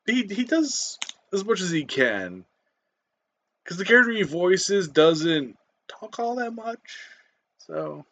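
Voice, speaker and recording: A man's voice: high voice, very animated, slow pace, long pauses, fairly bright tone. A man giving a casual spoken movie review, rambling with many fillers, restarts and casual swearing.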